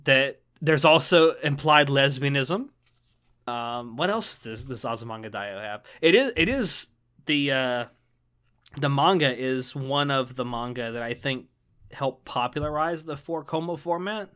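A man's voice: mid-range voice, unhurried, sharp tone, clean tone. A man co-hosting a casual podcast chat, rambling with many ums and restarts. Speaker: podcast co-host.

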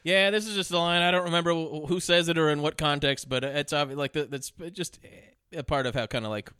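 A man co-hosting a casual movie-review podcast, rambling and animated, laughing often. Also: fairly high pitch, brisk, smooth, no room sound, studio quality. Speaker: podcast co-host.

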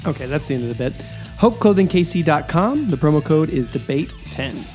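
Young midwest dude rambling on a podcast, laughs a lot, voice sits kinda high. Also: male voice, expressive, a little fast, darkish tone, faint music behind. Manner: rambling, laughs often, many fillers. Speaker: podcast co-host. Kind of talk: casual podcast chat.

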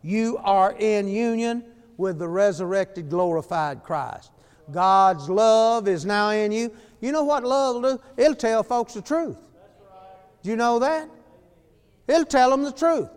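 A male preacher delivers a fiery, folksy sermon in a high, clear, ringing voice. His words trail off into a long hall reverb. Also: expressive, moderate pace. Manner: emphatic, folksy preaching with shouted hallelujahs.

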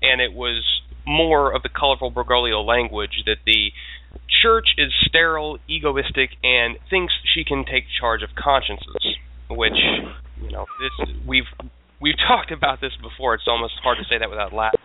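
A man hosts the show, presenting news stories and reading quotes with a wry edge. His voice sounds thin and tinny, as if heard over a phone. He keeps a steady, conversational delivery. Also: mid-range voice, normal speed, no echo. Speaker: show host.

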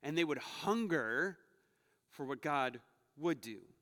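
In a church sanctuary, a male pastor with a bright, forceful, slightly high voice delivers a slow, conversational sermon with lively intonation. He moves between playful, joking asides and hushed, earnest passages. The long reverb of the church hall carries his words.

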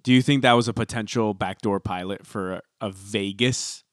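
A man's voice: lowish voice, normal speed, no room sound. Dry, wry-talking man. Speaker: podcast co-host. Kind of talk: casual reality-TV recap chat.

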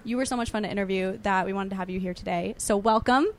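A woman's voice: medium pitch, quick pace. A woman hosting a podcast in casual chat, teasing her guest and laughing a lot. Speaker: podcast host.

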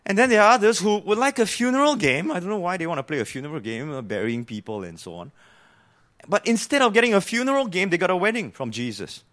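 Male preacher, high voice, earnest explanatory sermon delivery. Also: big pitch swings, quick pace, fairly bright tone. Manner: earnest, explanatory, asks the listeners questions.

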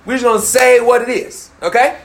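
A man's voice: extremely high pitch, fairly quick, creaky. A man from Memphis, giving a candid, joking youth talk to a live group in a room. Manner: candid, joking, lively slang. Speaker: youth speaker.

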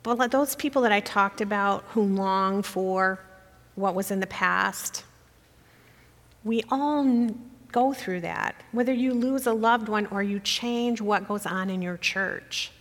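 A woman's voice: mid-range voice, takes it slowly. A woman giving a personal church talk as guest speaker, emotional and holding back tears as she speaks. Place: church sanctuary. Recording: long hall reverb.

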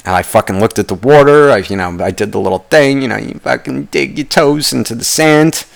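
A man's voice: medium pitch, fairly quick, gravelly. A young man hosting a podcast, telling a long story in a casual, rambling way and swearing constantly. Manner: rambling with restarts and asides. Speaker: podcast host.

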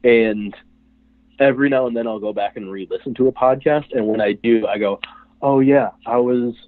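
A man's voice: fairly low pitch, brisk, no echo. A male podcast guest and longtime listener, chatting casually in a rambling way with lots of fillers. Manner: rambling, filler-heavy, chuckling. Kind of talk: casual chat. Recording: dry, tinny phone-like line.

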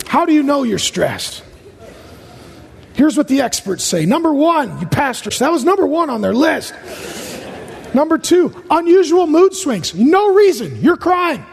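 A man's voice: very high voice, sing-song, creaky. A man preaching a humorous sermon as a pastor, firing off punchy jokes and short lists in a large church auditorium. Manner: rapid-fire jokey delivery, punchy short lists. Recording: reverberant hall.

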